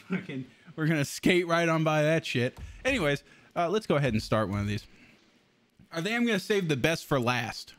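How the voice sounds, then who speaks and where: A man's voice: fairly high pitch, lively intonation, normal speed, fairly bright tone. A man streaming a video game, chatting casually, swearing freely and laughing often. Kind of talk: casual live-stream chat.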